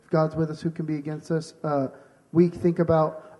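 Mellow man framing a question. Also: a little high, flat delivery, normal speed. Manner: thoughtful, rephrases questions. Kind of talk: conversational preaching.

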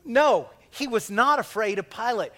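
A man's voice: extremely high pitch, animated, a little slow, a bit bright. A male pastor preaching a conversational sermon, asking the congregation questions and acting out quotes.

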